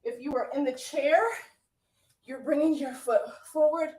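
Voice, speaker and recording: A woman's voice: sits high, steady tone, measured pace, dark tone. A woman fitness instructor coaching a live workout, upbeat and out of breath, cheering and counting down. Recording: echoey room from far off.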